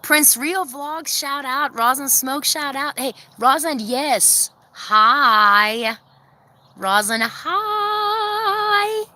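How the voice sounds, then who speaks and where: A woman chatting casually on a livestream from her backyard coop, laughing often, giving viewers shout-outs and calling to her hens. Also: takes it slowly, hardly any pauses. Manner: calls to her hens in a very high sing-song voice. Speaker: vlogger hosting a livestream premiere. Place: outdoors in a backyard by the chicken coop.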